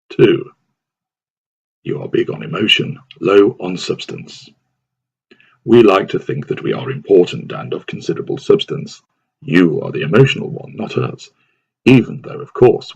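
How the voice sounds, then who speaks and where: Deep gravelly man reading scripted advice. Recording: dull lo-fi recording.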